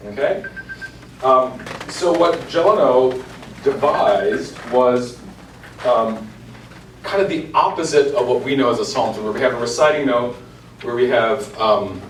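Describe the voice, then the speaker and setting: A man's voice: medium pitch, far from the mic. A man, a church cantor, giving an informal lecture to an adult class and chanting example lines in rhythm. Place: church meeting room. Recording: echoey room, voice from afar, faint hiss.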